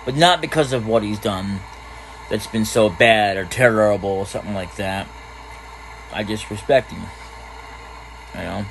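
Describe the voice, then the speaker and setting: A man's voice: fairly low pitch, a little slow, long pauses, fairly bright tone, a little hiss or hum, poor audio. A man casually commentating a game he plays, rambling and trailing off between thoughts. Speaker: gaming channel host. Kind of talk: casual let's-play commentary.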